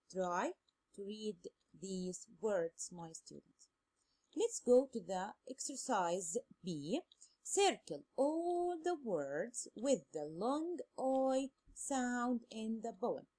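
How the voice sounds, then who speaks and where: A woman teaches English sounds at a deliberate pace, repeating each word several times. Her voice is husky and mellow, with a lively rise and fall in pitch. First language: Arabic. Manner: slow, drilling words by repetition. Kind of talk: phonics lesson, bilingual explanation.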